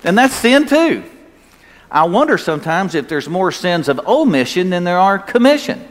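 A man's voice: sing-song, normal speed. Older preaching man in echoing hall. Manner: folksy, emphatic preaching with rising pitch on key points. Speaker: pastor. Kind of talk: sermon. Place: church sanctuary. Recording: long hall reverb, faint ambience.

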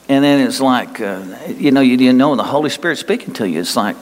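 A man preaching a sermon as pastor, animated and conversational, with asides. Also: on the high side, fast, few pauses. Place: church sanctuary. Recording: long reverb of a large hall.

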